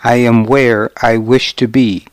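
A man's voice: medium pitch, little pitch movement, a little slow, smooth, dry recording, close to an everyday voice. A man voicing a fierce, stubborn noblewoman in an audiobook. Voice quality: soft, firm.

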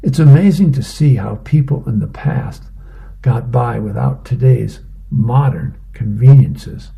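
A man's voice: mid-range voice, a little slow, vocal fry, dark tone. A man reading the lines of a musing middle-aged husband from a comic strip.

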